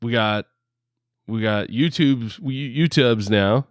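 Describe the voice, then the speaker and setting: A man's voice: mid-range voice, slow, dry recording, clean studio sound. A man co-hosting a casual podcast on a headset mic, rambling with lots of fillers and laughing often. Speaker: podcast co-host.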